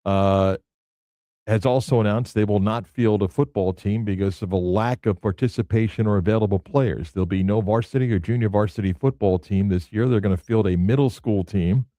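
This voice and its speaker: A man's voice: lowish voice, brisk, dark tone, no echo, studio quality. A man hosting a sports radio show, talking loosely with lots of fillers. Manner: loose and conversational, many fillers. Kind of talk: casual sports talk. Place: radio studio.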